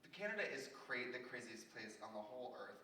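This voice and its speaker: A man's voice: mid-range voice, big pitch swings, brisk, sharp tone. A man performing in drag, chatting and telling campy stories to a live audience, slipping into quoted voices. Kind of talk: live stand-up banter. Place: festival theater stage before an audience. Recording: echoey, distant, noisy live room recording. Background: audience laughter.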